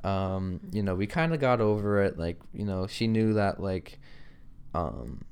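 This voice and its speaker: A man's voice: low voice, expressive, unhurried, a little mellow, clean tone. A man who works at a restaurant, rambling through a work story in casual chat and acting out what people said. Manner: rambling storyteller, lots of likes, acts out quotes. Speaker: restaurant worker telling a story.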